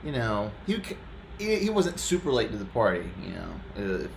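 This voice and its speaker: A man's voice: on the low side, wildly swooping pitch, moderate pace, vocal fry, echoey room, slight background noise. A man hosting a sports talk show in casual chat, joking and laughing easily, often trailing off mid-sentence. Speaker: podcast host.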